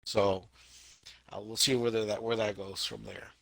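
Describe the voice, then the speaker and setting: Excitable young man with a bright voice. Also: lowish voice, normal speed, vocal fry, no room sound. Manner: excitable, jokey, repeats words. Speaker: podcast co-host. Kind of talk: casual anime podcast chat.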